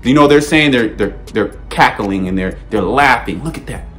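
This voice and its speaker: A man's voice: mid-range voice, lively intonation, normal speed, fairly bright tone. A man preaching a fiery, blunt sermon, repeating himself and checking in constantly with "okay?" and "all right?". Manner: emphatic, repetitive, peppered with "okay?" and "all right?"; frequent stammered restarts, blunt and profane.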